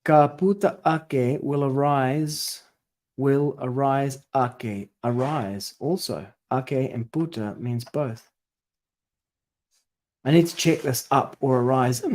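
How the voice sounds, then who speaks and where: Slow, musing man thinking aloud. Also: mid-range voice, dark tone. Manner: tentative, self-correcting, musing. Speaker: scripture study presenter. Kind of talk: thinking aloud while working through a translation.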